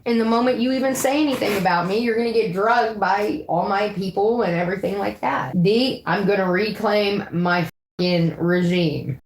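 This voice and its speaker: A middle-aged woman with a medium-pitched voice rants to her viewers at a moderate pace, profane, boastful and threatening, in the manner of a drama livestreamer. The audio is poor, with faint background noise.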